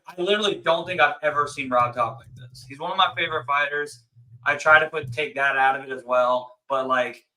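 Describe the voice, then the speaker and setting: Animated man in casual fight chat. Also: a little high, poor audio. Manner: excited, talks fast with many "like"s. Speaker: co-host.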